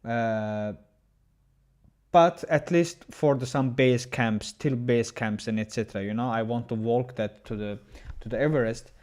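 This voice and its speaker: Male chess streamer, mid-pitched, chatty and halting, chats with viewers between moves. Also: a little mellow. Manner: chatty, reads viewer messages aloud and answers them; halting, often restarts his sentences. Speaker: chess streamer commenting a game. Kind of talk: casual livestream chess commentary.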